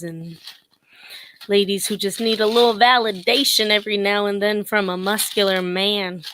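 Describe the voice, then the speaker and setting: A woman's voice: mid-range voice, fairly bright tone. A young woman vlogging casual commentary, sassy and blunt, laughing often as she mocks.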